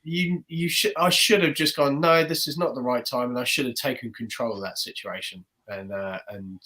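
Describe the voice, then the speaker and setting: A guy on a podcast telling a long story about a gig, lively, keeps slipping into other people's voices, mid pitch. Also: moderate pace. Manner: animated, acts out the voices of people in his stories. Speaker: guest magician. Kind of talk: casual storytelling.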